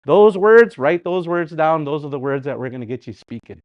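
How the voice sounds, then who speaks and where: Higher-voiced man teaching a language class. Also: normal speed, dry recording, highs cut off. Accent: Canadian Dakota community English. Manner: relaxed, conversational teaching with frequent asides and repeated example words. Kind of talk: live online language class.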